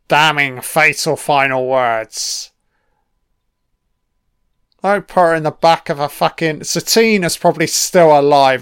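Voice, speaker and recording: A British man talks over a film in a slow, unhurried drawl, his voice smooth and clear and sitting a little high. He swears constantly and scolds the characters on screen as if they could hear him. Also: fairly bright tone, no echo, clean studio sound. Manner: profane, heckling the screen. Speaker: film commentator. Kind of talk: audio film commentary.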